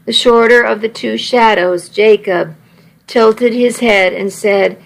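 A woman's voice: on the high side, slow, vocal fry, low-quality recording. A woman reading a first-person story aloud, wry and self-mocking in her delivery. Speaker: audiobook narrator.

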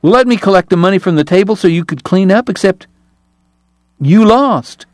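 A man voicing a restless young male army officer who asks sharp, incredulous questions. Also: sits high, lively intonation, moderate pace, dry recording, voice pushed up.

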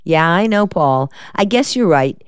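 A woman's voice: lowish voice, lively intonation, a little slow, clear, resonant tone, no echo. A woman reading the part of a shrewd, wisecracking male defense lawyer in an audiobook, in a dry, decisive manner.

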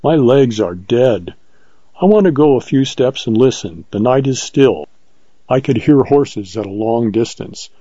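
An earnest, bold frontier ranger, voiced by a male narrator, speaks in a measured way. His tone is mellow and dark. The sound is dry and slightly lo-fi. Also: mid-range voice, expressive, dry recording. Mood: steady.

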